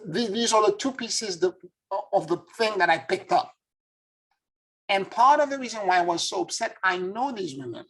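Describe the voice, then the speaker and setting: Husky-voiced earnest spiritual storyteller man. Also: high voice, a bit bright, low-quality recording. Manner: earnest, reflective, emotional retelling. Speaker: spiritual teacher and former tarot reader.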